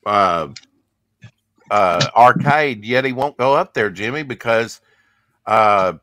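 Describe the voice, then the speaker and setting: A man's voice: fairly low pitch, expressive, takes it slowly, pushed and bright, dry recording, studio quality. A man in his fifties hosting a casual live chat, rambling and talkative. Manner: chatty, rambling storyteller. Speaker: livestream host.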